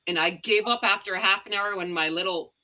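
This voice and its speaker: A woman's voice: medium pitch, fairly even intonation, a little fast, sharp tone, poor audio. An American woman hosting a casual livestream chat, telling stories and laughing often. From United States. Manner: chatty, laughs often, storytelling. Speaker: channel host.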